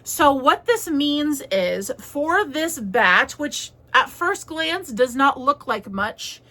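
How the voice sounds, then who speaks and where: A young woman talks in a chatty, rambling way as she hosts her crochet vlog. Her voice is bright and sits a little high, with a crisp edge. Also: big pitch swings, takes it slowly. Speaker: crochet vlogger. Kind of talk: casual chat.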